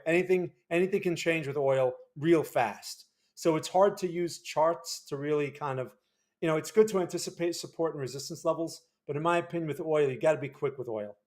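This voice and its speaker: A man with a fairly high-pitched voice walks through market charts on a livestream. His delivery is loose and conversational, and he keeps checking in with viewers through quick tag questions. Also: a little mellow. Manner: casual, frequent tag questions. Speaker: market analyst host.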